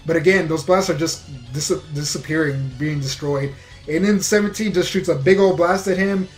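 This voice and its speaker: A man with a slightly raised voice talks through an episode recap in a loose, rambling way, stumbling over words and leaning on fillers. Faint music plays quietly behind him. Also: fairly high pitch, normal speed. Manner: rambling, filler-heavy retelling with frequent restarts. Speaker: anime reviewer.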